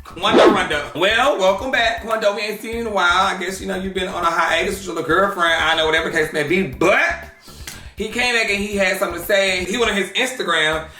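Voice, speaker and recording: A man hosting a gossip reaction show, sassy and animated, with drawn-out exclamations. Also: high-pitched, echoey room, faint music behind. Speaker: gossip commentary host. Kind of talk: reaction commentary.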